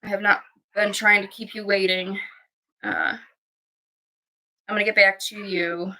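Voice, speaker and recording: Bright-voiced woman chatting casually. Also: fairly even intonation, measured pace, poor audio. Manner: chatty, swings into high baby talk with the puppies. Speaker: dog breeder streaming puppies. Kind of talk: casual livestream chat.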